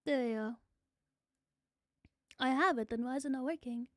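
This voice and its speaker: A woman's voice: high voice, moderate pace, fairly bright tone, no echo, studio quality. A young woman streaming a game, chatting casually, swearing freely and laughing often. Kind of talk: casual gaming stream chat.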